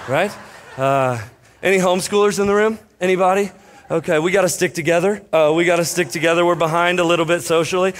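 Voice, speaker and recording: A man's voice: on the high side, steady tone, quick pace. A young man preaching a casual, joke-filled sermon to a church congregation, telling stories with lots of fillers. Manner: jokey, self-deprecating, lots of fillers. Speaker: pastor. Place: church stage before a congregation.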